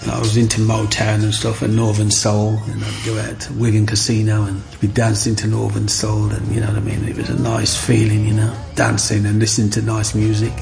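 An older man, telling stories from his childhood in an interview with animated, storytelling energy. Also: fairly low pitch, gravelly. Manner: animated storyteller, acts out the voices of others.

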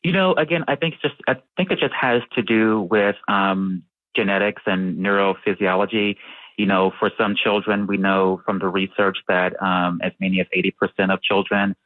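Interview guest, male, low voice, dry sound, calm and measured, light stutter. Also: no echo. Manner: measured, with fillers and occasional stutters. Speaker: researcher and guest who stutters. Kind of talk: interview answers. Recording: tinny phone-like line.

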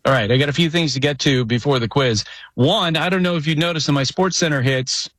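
A man's voice: a little high, fairly quick, a bit bright, no room sound. A man hosting a casual sports chat, telling stories with frequent restarts. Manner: conversational, frequent restarts, storytelling. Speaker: podcast host.

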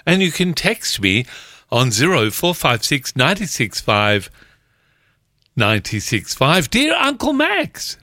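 A man hosts a relaxed community radio show, reading listener jokes and letters with a joking touch. His voice is bright and dry, and he takes his time. His pitch moves a lot as he talks. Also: no echo. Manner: jokey, reads listener jokes and letters aloud. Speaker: radio host. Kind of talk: casual community radio chat.

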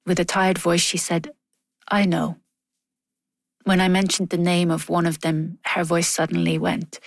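A woman's voice: on the low side, completely flat delivery, normal speed, creaky, dry recording, studio quality. A woman reading a first-person voice-over in an earnest, weary, restrained manner.

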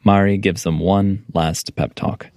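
A man narrating a documentary report as the reporter, in a measured, calm storytelling manner. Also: low voice, no echo. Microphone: studio voice-over mic.

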